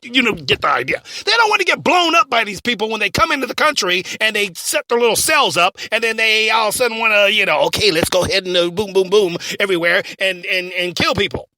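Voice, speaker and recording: A man's voice: high voice, animated, fast talker, hardly any pauses, bright, forceful tone, no room sound, exaggerated voice. A man playing a blustering, bossy male talk radio host in a comedy skit, stammering and ranting.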